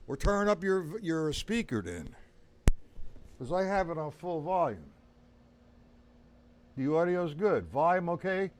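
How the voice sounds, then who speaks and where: Blunt, lively male drum teacher. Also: on the high side, slow pace, pauses often, slight background noise. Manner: casual, blunt, talks to viewers by name. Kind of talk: live-streamed drum lesson.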